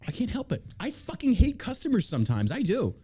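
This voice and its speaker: A man's voice: high voice, huge pitch swings, fairly quick, dark tone, slightly rough. A man hosting a podcast in casual chat, ranting in a heated, profane way from a small studio. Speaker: podcast host.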